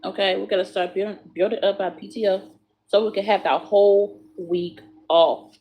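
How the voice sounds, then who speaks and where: A woman's voice: medium pitch, fairly even intonation, moderate pace, a little mellow. A woman chatting to viewers while doing hair, swearing freely and calling them y'all. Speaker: hair vlogger.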